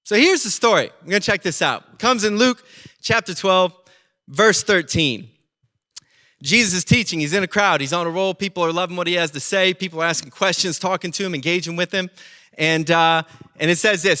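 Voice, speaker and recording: A man preaching a sermon as pastor, telling stories with lively acted-out voices. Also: high voice, brisk. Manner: animated storytelling, acting out quoted voices.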